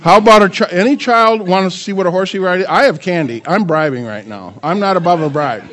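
With a high voice and a fairly quick delivery, an older pastor gives a sermon while some chatter can be heard behind him. He's lively, posing rhetorical questions to the congregation, asking the audience plenty of questions, and joking around with his grandchildren.

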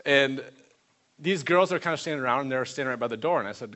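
A man preaching, telling a lively testimony story and acting out the people in it. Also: medium pitch, quick pace. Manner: animated storyteller voicing others in quotes.

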